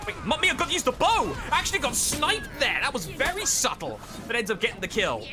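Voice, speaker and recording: Lively high-voiced male esports caster. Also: over music, crowd noise. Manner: lively, animated play-by-play with quick asides. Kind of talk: play-by-play commentary.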